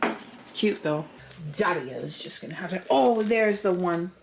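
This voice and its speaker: A young woman narrates her own home vlog in a loose, chatty way, thinking aloud as she goes. Her voice sits a little low. It is recorded on a small camera at home, with steady noise clearly heard underneath. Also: unhurried. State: out of breath at times. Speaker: vlogger. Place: at home, moving through rooms. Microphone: handheld camera.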